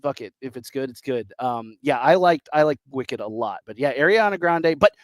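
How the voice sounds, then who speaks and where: A man's voice: medium pitch, expressive, moderate pace, no echo. A man in his thirties co-hosting a casual podcast chat, enthusiastic and rambling, often acting out what people said. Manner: enthusiastic, rambling, acts out quotes. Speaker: podcast co-host.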